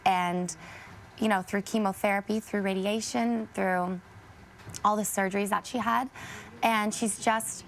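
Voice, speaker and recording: A young woman talks earnestly on a TV interview, often restarting her sentences as she searches for words. Her voice carries a gravelly fry, with a faint hiss in the background. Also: medium pitch, steady tone, a little slow. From Canada. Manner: earnest, fond, hesitant restarts. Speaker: actress and guest.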